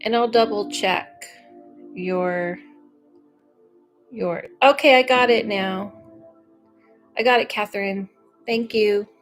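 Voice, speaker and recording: A woman giving live psychic readings to viewers, chatty and unhurried with frequent fillers. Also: mid-range voice, soft background music, rough recording. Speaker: psychic medium.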